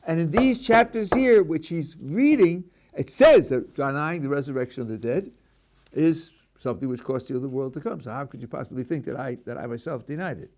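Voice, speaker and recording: Animated rabbi lecturing on a text. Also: male voice, a little high, moderate pace. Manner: animated, reads a passage aloud then explains it, with many restarts. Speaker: rabbi teaching a class.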